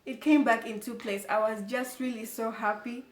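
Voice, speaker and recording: A young woman telling a personal story to her viewers in an animated, emphatic way. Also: on the high side, normal speed. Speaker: vlogger. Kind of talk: casual storytelling to camera. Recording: echoey room, faint background noise.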